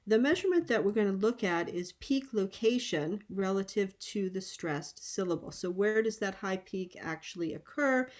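Measured, explanatory woman giving a lecture. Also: mid-range voice. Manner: measured, explanatory, with frequent ums. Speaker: linguistics lecturer. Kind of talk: academic conference talk.

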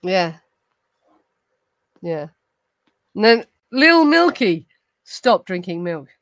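A tipsy woman on a casual livestream, ranting in rambling bursts and swearing freely. Her voice sits at a middle pitch and sounds close and dry, with no room around it. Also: very animated, drawn-out words, a bit bright, dry recording, rough recording. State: tipsy from gin. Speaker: host of a true crime livestream. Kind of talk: casual livestream chat, responding to viewers.

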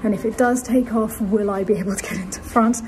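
A woman's voice: mid-range voice, brisk, low-quality recording. A tired woman vlogging a travel diary, talkative and emotional. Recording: steady background noise.

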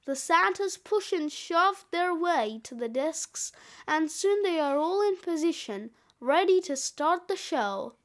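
Slow, high-voiced woman reading a storybook. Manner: expressive, sound-effect reading. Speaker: storybook reader. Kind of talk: children's book read-aloud.

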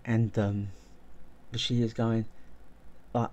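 A man with a somewhat low-pitched voice talks through a video essay in a loose, unscripted way. He is enthusiastic and rambling, stumbling over restarts and repeated words. The delivery sounds like casual spoken commentary. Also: little pitch movement, takes it slowly, a little mellow.

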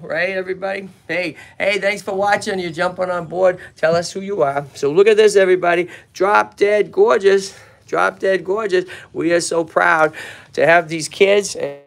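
Excitable Massachusetts man with a gravelly voice. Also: a little high. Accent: Boston-area Massachusetts. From Lowell, Massachusetts. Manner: chatty and excitable, addresses viewers and animals. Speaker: tortoise sanctuary host. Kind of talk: casual livestream talk. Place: outdoors at a tortoise yard. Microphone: handheld phone camera, filming himself.

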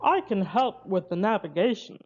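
A woman voicing a steady, kindly male sea captain in a storybook, lowering her voice into a gruff tone. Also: moderate pace, lo-fi sound. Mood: relieved, helpful.

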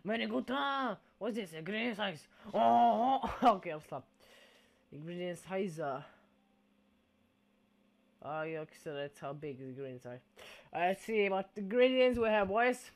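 A man commenting on a game he is playing, loose and silly, with mock-Italian exclamations now and then. His voice sits a little high for a man and carries a gravelly, fried texture. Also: expressive, a little slow, pauses often. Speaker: gameplay commentator. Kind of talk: casual gameplay commentary.

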